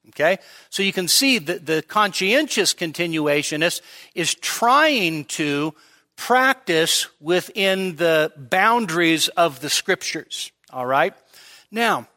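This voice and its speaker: A man's voice: on the high side, bright, forceful tone. A male pastor giving a midweek teaching sermon, explaining step by step and often checking in with his listeners.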